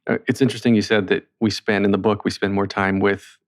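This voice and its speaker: A man's voice: lowish voice, flat delivery, fast. A man hosting a podcast, asking questions in a casual, thoughtful way. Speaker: podcast host. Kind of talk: conversational interview.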